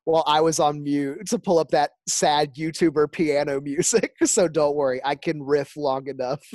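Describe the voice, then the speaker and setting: A woman co-hosting a podcast in casual chat, animated, laughing often and swearing freely. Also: sits low, moderate pace, no room sound. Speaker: podcast co-host.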